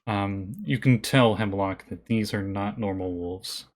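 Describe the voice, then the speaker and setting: Relaxed man narrating as game master. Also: fairly low pitch, a little slow.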